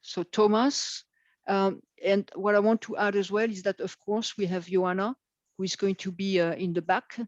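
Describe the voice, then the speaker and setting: A woman moderating an online event, speaking haltingly with many filler sounds. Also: medium pitch, fairly even intonation, no echo. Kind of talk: hesitant live announcements. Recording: dull lo-fi video call audio.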